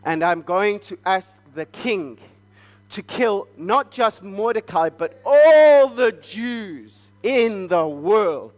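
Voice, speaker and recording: A man voicing a boastful, spiteful royal official in a church children's story, speaking loudly and gloating. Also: sits high, expressive, slow pace, long reverb tail.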